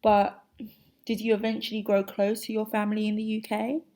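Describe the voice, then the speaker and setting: A woman hosting a podcast, asking her guest questions in a measured, composed way. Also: mid-range voice, monotone, dark tone. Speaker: podcast host. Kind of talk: interview questions.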